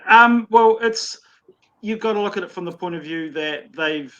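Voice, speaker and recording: A man's voice: high-pitched, normal speed, bright, forceful tone, highs cut off. A man, a guest on a casual livestream interview over a video call, explaining things in a careful, analytical way. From New Zealand. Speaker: guest, comic store owner.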